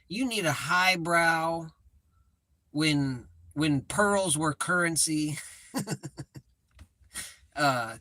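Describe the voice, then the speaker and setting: A man in a live chat, talking at a slow, easy pace with a bright, forward tone. He rambles and swears freely, and he pokes fun at himself. The sound is dry and close, with no room around it. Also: on the high side, no room sound. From United States. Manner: rambling, profane, self-mocking. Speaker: livestream host.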